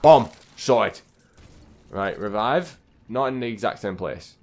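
A young man casually commentating his video game play, chatty and quick to get exasperated at the characters on screen. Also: lowish voice, animated, darkish tone. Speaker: gaming channel host.

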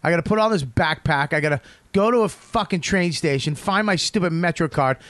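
A man's voice: on the high side, a little fast, a bit bright, dry recording. A man, hosting a casual podcast and ranting and teasing with lots of swearing. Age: 40s. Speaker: host.

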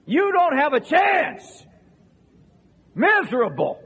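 A man preaching an impassioned sermon to a congregation in a church, repeating phrases and shouting at the peaks. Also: extremely high pitch, huge pitch swings, takes it slowly, vocal fry. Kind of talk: fiery revival sermon. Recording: long reverberant hall sound.

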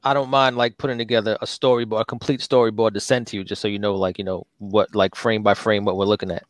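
A man's voice: lowish voice, fast talker. A man co-hosting a casual chat, speaking loosely with lots of fillers. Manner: relaxed, filler-heavy, laughs easily. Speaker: comic co-creator. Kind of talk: casual video call chat.

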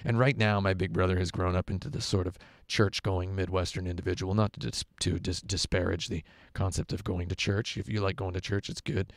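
Rambling low-voiced man streaming. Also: flat delivery, fairly quick, few pauses, no echo, studio quality. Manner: rambling, digressive storytelling. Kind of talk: casual livestream chat. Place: home room with carpet. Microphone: headset.

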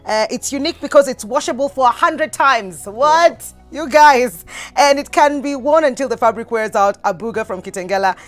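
A woman with a Kenyan accent hosting a lively TV talk show, reading out viewer messages and winners. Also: fairly high pitch, a little fast, few pauses, faint music behind. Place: TV studio.

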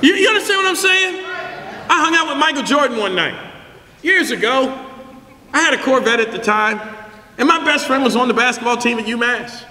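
A middle-aged male pastor preaching a sermon, telling stories with bursts of shouting. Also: very high-pitched, a little fast. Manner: animated storytelling, shouting for emphasis. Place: large church hall. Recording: echoey church hall.

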